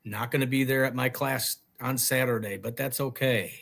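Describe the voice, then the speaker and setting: A man's voice: medium pitch, steady tone, normal speed, gravelly, hardly any pauses, a bit bright. A man co-hosting a live chat show, joking and giving showy introductions. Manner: jokey, theatrical introductions. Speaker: co-host. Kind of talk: casual livestream banter.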